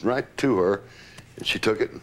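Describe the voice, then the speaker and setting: An older man being interviewed, telling lively anecdotes with laughter and the odd curse. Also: on the low side, normal speed, background noise. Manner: animated storyteller, laughs, swears. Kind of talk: recounting stories.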